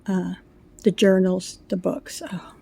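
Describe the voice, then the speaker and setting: Slightly breathless, a middle-aged woman rambles and gushes about her crochet pieces in a casual show-and-tell, full of fillers. She speaks unhurriedly in a medium-pitched, dark-toned voice.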